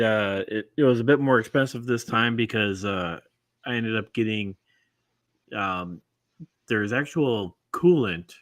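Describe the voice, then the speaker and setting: A man co-hosting a casual podcast, laid-back and halting. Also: mid-range voice, a bit bright, no echo. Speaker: podcast co-host.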